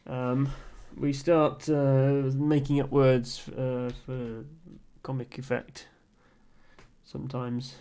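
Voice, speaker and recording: In a clean, mid-range voice with a flat delivery, a man slowly works through a word game on stream. He chats casually with viewers in a dry, amused way, musing aloud with ums and soft laughs.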